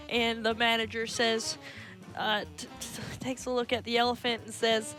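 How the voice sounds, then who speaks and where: A woman with a slightly high voice tells a long joke in a playful way, voicing each character as she goes. Soft music plays in the background. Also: flat delivery, moderate pace. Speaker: stream co-host. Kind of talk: telling jokes aloud.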